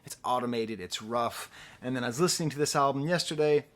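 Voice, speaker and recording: A middle-aged man giving a casual, rambling album review, animated and quick to laugh at himself. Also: mid-range voice. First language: English. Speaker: music reviewer.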